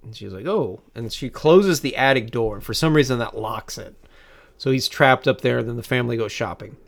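A podcast co-host with a gravelly, mid-range voice retells movie scenes fairly quickly in casual chat. He's animated and rambling, restarting often.

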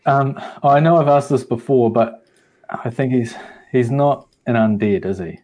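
A young man playing a tabletop game, talking hesitantly with plenty of ums and pauses. He slips in jokes while working out his moves. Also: mid-range voice, warm tone. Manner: hesitant, full of ums, joking. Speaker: player.

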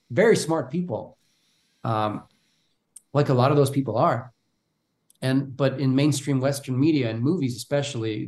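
Actor guest, male, from Bulgaria, Bulgarian as his first language, casual and animated, restarts his phrases, mid pitch. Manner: animated, repeats words when starting thoughts. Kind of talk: casual interview talk.

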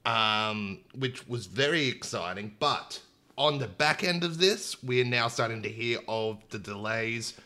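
A man's voice: mid-range voice, lively intonation, a little slow, pushed and bright. A man hosting a gaming podcast, chatting casually and enthusiastically with lots of fillers. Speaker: podcast host. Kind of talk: casual chat. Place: home, streamed online. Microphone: internet stream with dropouts.

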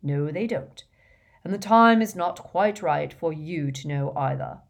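A woman reading as an old, wise male headmaster, measured and gently stern. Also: low-pitched, expressive, creaky, exaggerated voice. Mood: calm. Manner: measured, sharp when pressed.

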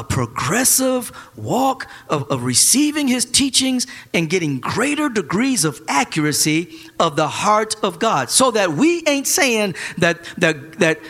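Lively male pastor, bright, ringing tone, mixes slang and scripture, shouts the peaks. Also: breathy edge. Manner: animated, joking, shouting at high points; casual churchy speech with slang. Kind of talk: sermon.

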